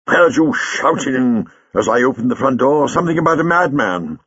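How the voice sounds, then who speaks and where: A man voicing a fussy, genial elderly gentleman with a bustling, gallant manner. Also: mid-range voice, animated, moderate pace, slightly rough, no room sound, highs cut off, voice pushed up.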